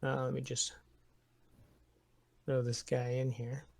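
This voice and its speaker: A man's voice: medium pitch, completely flat delivery, slow pace, creaky. A man narrating a tabletop war game as game master, describing the scene step by step with frequent chuckles. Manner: descriptive, chuckles between lines.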